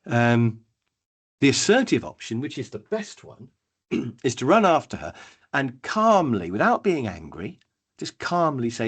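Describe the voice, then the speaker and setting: A middle-aged man giving a webinar training talk, telling stories in a lively way and acting out the people in them. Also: medium pitch, normal speed, husky. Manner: lively storytelling, acts out quoted people. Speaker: workshop trainer.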